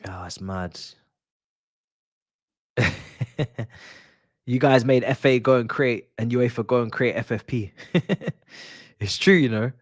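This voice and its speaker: A young man chatting casually on a football watch-along stream, joking and laughing in slang and erupting loudly at near-misses. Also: medium pitch, animated, slow, pauses often, no room sound, studio quality. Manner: laughing, nostalgic banter with slang, loud bursts at near-misses.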